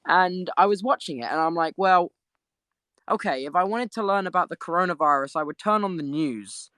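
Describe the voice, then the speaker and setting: A man's voice: sits high, a little fast, sharp tone, smooth, dry recording, studio quality. A young English man, tired after little sleep, chatting casually as host of a live audio stream. He rambles through a story, laughing and restarting his sentences, and speaks from his bed. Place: sitting in bed at home.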